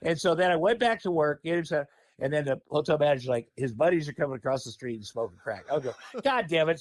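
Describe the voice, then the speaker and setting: A man telling a story on a podcast in a casual, animated, profane way. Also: fairly high pitch, no room sound. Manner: animated, profane, laughing often. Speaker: podcast guest.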